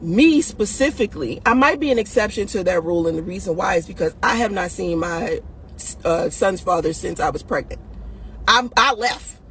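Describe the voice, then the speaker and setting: A woman's voice: on the low side, animated, normal speed, a bit bright, a little hiss or hum. A woman hosting a video, giving dating advice in blunt, profane casual talk, laughing often and tossing "listen" and "right?" at her audience.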